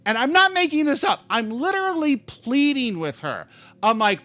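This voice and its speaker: A man hosting a live stream, telling a story in an animated, exasperated way, swinging from calm to yelling. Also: very high-pitched, normal speed, dry recording.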